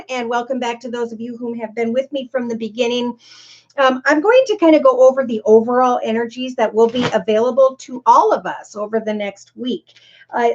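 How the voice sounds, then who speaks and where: A woman's voice: on the high side, a little mellow, dull audio. A middle-aged woman hosting a casual live-stream tarot reading. She chats, greets viewers by name and rambles from point to point.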